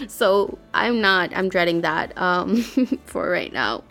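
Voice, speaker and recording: A woman's voice: lowish voice, expressive, slow pace, vocal fry, a bit bright, faint music behind. A woman hosting a casual chat, talking in emotional, rambling bursts. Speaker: podcast host.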